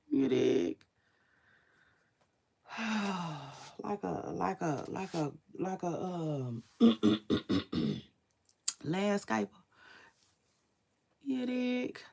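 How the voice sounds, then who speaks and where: A woman's voice: gravelly, a bit bright. A woman in her forties with a smoky voice, chatting casually and sleepily to her viewers in a laid-back, slangy way. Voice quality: smoky low voice. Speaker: online commentator. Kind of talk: casual livestream chat to viewers.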